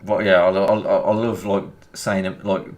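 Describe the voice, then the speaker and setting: A man with a Birmingham accent talks casually over his gameplay, his voice sitting a little low. He rambles from one thought to the next and chuckles often as he goes. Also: flat delivery, moderate pace. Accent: Birmingham English. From England. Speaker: gaming YouTuber.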